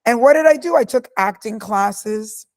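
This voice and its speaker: A middle-aged woman answering interview questions. Her voice sits a little high, and she talks with force and emphasis, telling stories from her own life. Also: expressive, moderate pace, darkish tone. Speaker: guest speaker.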